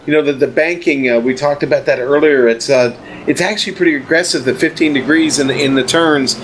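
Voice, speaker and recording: A man commentating on a sim racing broadcast in a relaxed, chatty way. He leans on fillers like "uh" and "you know," and the line carries a faint hiss. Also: on the high side, fairly quick. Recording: faint background noise.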